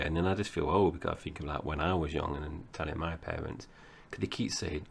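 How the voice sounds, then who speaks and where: A man's voice: extremely low pitch, fairly even intonation, moderate pace, gravelly, few pauses, fairly bright tone, slight background noise. A man in his forties from Essex with a Cockney-tinged accent, co-hosting a casual film podcast and rambling chattily with frequent laughs. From Essex, England. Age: 40s. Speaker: podcast co-host.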